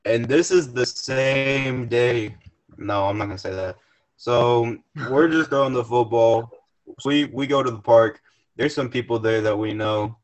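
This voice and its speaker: A man's voice: mid-range voice, unhurried. Young guy rambling thru a story on a podcast, swears a lot, restarts sentences. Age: young adult. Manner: rambling, profane, restarts often. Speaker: podcast guest. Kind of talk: casual storytelling.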